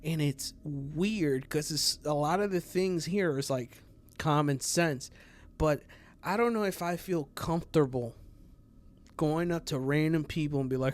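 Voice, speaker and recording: A man with a slightly high, unhurried voice hosts a true crime channel. His talk is casual and wandering, full of fillers and profanity, and he chuckles at his own jokes.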